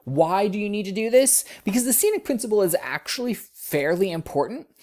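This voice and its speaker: A woman's voice: mid-range voice, animated, brisk, a little mellow. A woman teaching writing in a recorded lecture, explaining casually and correcting her own slips as she goes. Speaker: writing instructor. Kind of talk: recorded lecture over slides.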